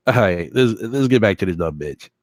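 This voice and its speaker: A man's voice: low voice, no echo. Guy ranting on his stream, cussing and laughing at chat, dry close mic. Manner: profane, mocking, laughs often, reads chat aloud. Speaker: commentary streamer. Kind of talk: mocking live-stream commentary.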